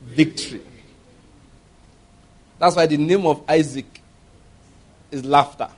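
A man with a high voice preaching a sermon. He tells stories animatedly, acting out laughter and voices. He speaks emphatically, putting questions straight to the listeners. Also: slow pace, slightly rough. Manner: emphatic, addresses congregation directly.

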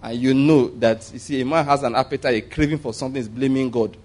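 A man preaching a sermon, animated and humorous, often restarting sentences and acting out the voices he quotes. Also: medium pitch, quick pace.

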